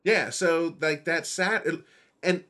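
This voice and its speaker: A man's voice: on the high side, slow, bright, forceful tone. A man as a podcast guest in casual chat, rambling and repeating words as he explains things.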